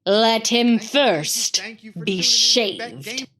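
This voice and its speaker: A woman's voice: a little high, expressive, extremely slow, fairly bright tone, full character voice. A woman voicing a cruel, commanding witch queen in a storybook reading, speaking in a cold, imperious way.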